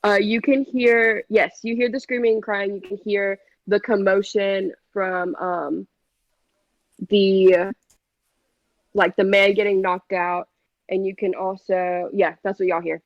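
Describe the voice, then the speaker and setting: A woman's voice: medium pitch, level tone, slow, no echo, muffled recording. A woman acting as game master, narrating a tabletop game with many hesitant fillers.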